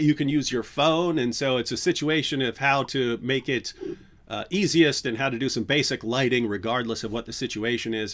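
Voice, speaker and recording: A man's voice: medium pitch, fairly bright tone. A man hosting a casual livestream, talking in a loose, rambling way full of fillers and restarts. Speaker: livestream host.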